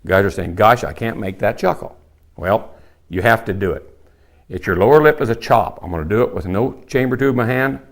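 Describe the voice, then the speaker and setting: Here a plainspoken, folksy older man teaches elk calling, showing each call while he talks. His voice is fairly low and his pace a little fast in this hands-on tutorial.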